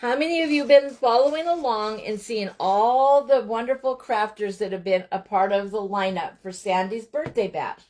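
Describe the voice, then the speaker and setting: A woman's voice: on the high side, moderate pace, hardly any pauses, darkish tone. A middle-aged woman from Montana hosting a live craft stream from home, chatting as she works and greeting viewers by name. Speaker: craft livestream host.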